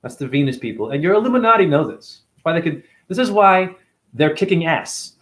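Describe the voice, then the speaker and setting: A man's voice: on the high side, animated, brisk, fairly bright tone. A man hosting a casual livestream, reading viewer comments aloud and rambling in loose, slangy talk.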